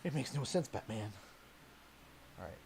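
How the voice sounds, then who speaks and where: A young adult man from Canada, chatting casually and jokingly on a livestream while unboxing, rambling and easily excited. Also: mid-range voice, normal speed, vocal fry, a little hiss or hum. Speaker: streamer.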